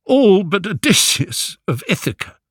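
An earnest young prince speaks in a raised, urgent voice that swings between eagerness and gloom, as a male narrator puts him on. The storybook delivery is unhurried despite the emotion, and the sound is dry and close. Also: high-pitched, sing-song, a bit bright, breathy edge, dry recording, pitched above the performer's own voice, exaggerated voice.

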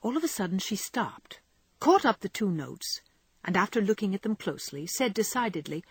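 Husky-voiced woman reading an audiobook. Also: mid-range voice, no room sound. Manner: measured, expressive. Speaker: narrator. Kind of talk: audiobook narration.

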